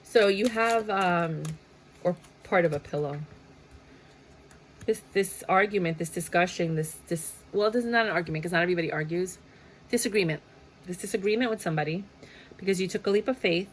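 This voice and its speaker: A woman's voice: fairly low pitch, brisk, slight background noise. A woman giving a casual tarot reading in a chatty way, often laughing and acting out little quotes. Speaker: tarot reader.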